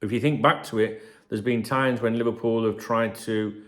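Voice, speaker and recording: A man's voice: fairly low pitch, fairly even intonation, normal speed, fairly bright tone. A man hosting a football channel, ranting and rambling in casual, sweary banter.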